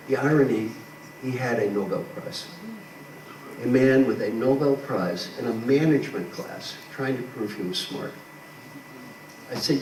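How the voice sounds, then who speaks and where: A man giving a motivational talk as a leadership coach. He is animated, acts out quotes and asks the crowd rhetorical questions. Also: mid-range voice, normal speed. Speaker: leadership coach speaking to an audience. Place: large hall with a live audience. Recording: echoey hall, far from the mic, noisy.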